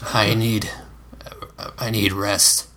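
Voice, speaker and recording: A man voicing a weary, reluctant knight in a storybook reading, halting and strained. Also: on the low side, pushed and bright.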